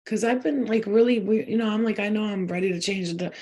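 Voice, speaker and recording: A woman talking straight to her viewers as she gives a loose, channeled spiritual reading. Her voice sits in an ordinary middle pitch. She rambles from thought to thought in a chatty, unpolished way and drops the odd swear word. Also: quick pace, warm tone. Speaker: spiritual reader.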